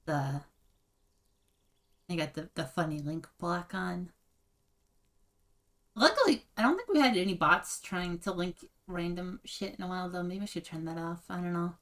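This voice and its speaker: A woman's voice: on the low side, lively intonation, normal speed, pauses often, a bit bright. A woman streaming a video game and chatting casually with frequent laughter. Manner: chatty, giggly.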